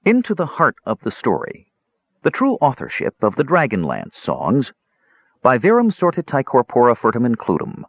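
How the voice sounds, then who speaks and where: A man reading a fantasy audiobook aloud in an expressive narration. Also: mid-range voice, slightly rough, no room sound. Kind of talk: scripted narration. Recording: dull lo-fi dry recording.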